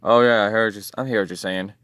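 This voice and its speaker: A man voicing a heroic male superhero who speaks in a steady, formal, reassuring way in a lowered voice. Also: fast, clear, resonant tone, dry recording, studio quality, lightly acted.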